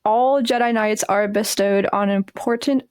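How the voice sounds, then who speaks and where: A woman guest on a chat podcast, reading a blurb aloud in a steady, even voice. She drops in short offhand comments between passages, and the sound is dry and close. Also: medium pitch, measured pace, smooth, no room sound. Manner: reads text steadily, brief asides.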